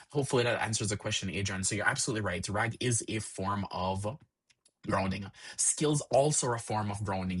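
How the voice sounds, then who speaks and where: Host, male, husky, rambling live-stream teacher who answers chat as he goes. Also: on the low side, fairly bright tone. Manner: rambling, repeats "actually" and "so", explains with examples.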